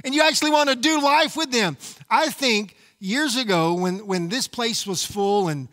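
A man's voice: very high voice, moderate pace, sharp tone, big-room sound. A man preaching a sermon as pastor, emphatic and often calling out to the congregation. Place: church sanctuary.

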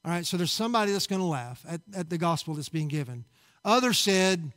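High-voiced fervent preacher man. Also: lively intonation, fairly quick, fairly bright tone. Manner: fervent, urgent exhortation with repeated phrases. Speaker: pastor. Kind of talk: sermon. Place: church service.

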